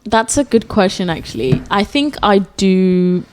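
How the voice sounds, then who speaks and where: A woman's voice: medium pitch, lively intonation, unhurried, a little mellow, a little hiss or hum. A young woman co-hosting a podcast, chatting casually with many restarts and fillers. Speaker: podcast co-host. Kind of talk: casual chat.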